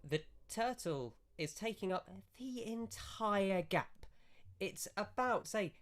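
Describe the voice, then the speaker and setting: Rambling game master. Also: male voice, high-pitched, lively intonation, slow pace. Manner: rambling, self-correcting descriptions. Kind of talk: narrating a tabletop game.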